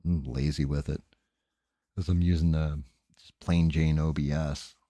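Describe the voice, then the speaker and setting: A man with a New Jersey accent, hosting a casual live stream while painting, talking fast, rambling and swearing. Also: a bass voice, level tone, dark tone, no echo. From New Jersey, USA.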